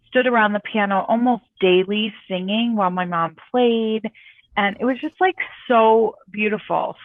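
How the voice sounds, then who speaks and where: A woman's voice: medium pitch, dry recording. Middle-aged female co-host heard over a tinny remote line, reflective and encouraging. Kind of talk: casual chat. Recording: dry tinny phone-like call audio.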